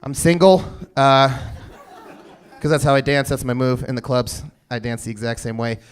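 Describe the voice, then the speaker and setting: A man in his thirties doing a stand-up comedy set, telling stories deadpan with sudden loud bursts. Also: mid-range voice, moderate pace, clean tone, a faint crowd. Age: 30s. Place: comedy stage before a live audience.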